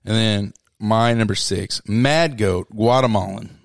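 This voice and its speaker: A man's voice: lowish voice, unhurried, gravelly, no echo, studio quality. A man co-hosting a podcast, chatting casually and teasing, laughing often while reviewing coffees. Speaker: podcast co-host.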